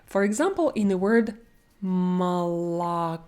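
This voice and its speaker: Slow, mellow-voiced Russian-accented woman teacher. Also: medium pitch, lively intonation. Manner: slow, careful, stretching out example words. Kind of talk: online language lesson.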